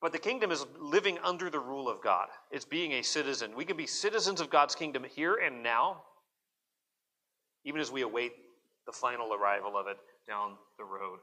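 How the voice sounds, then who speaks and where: A man's voice: medium pitch, expressive, a little fast, bright, forceful tone. A pastor preaching a sermon at a church service in an earnest, emphatic way, often repeating words as he presses a point.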